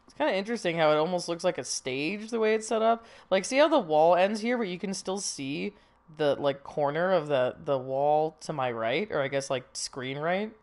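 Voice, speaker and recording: A woman's voice: fairly low pitch, lively intonation, normal speed, a little mellow. A young woman streaming a horror game with jumpy, nervous commentary, swearing often and laughing through her fear, a little sniffly from a recent cold. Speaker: gaming streamer.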